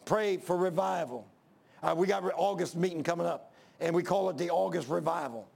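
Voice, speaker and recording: Gravelly high-voiced older preacher. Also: male voice, fairly quick, darkish tone. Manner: emphatic, repetitive, folksy preaching. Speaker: pastor. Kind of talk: sermon. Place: church.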